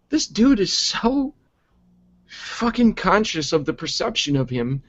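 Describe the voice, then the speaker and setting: A man reviewing wrestling in a profane, exasperated rant, sarcastic and quick to mock. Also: on the high side, sing-song, a bit bright. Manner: sarcastic and exasperated, heavy swearing. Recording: dull lo-fi recording.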